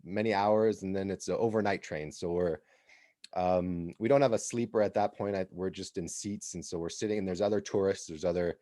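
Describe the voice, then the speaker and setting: An American man hosting a podcast, telling a travel story in an animated, casual way and laughing as he goes. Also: deep voice, a little fast, dry recording, clean studio sound. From United States. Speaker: podcast host.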